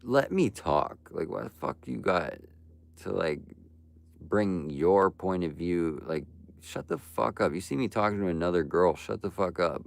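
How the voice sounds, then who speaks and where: A man's voice: low voice, lively intonation, measured pace, creaky. A young man livestreaming and talking to his chat, ranting bluntly and profanely with frequent "bro" and "like". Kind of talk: live stream talk to chat.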